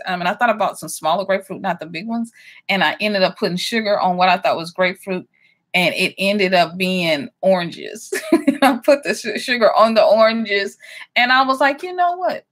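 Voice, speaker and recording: A woman hosting a casual livestream, greeting viewers by name with many ums and quick laughs. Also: on the low side, fairly bright tone. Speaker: livestream host.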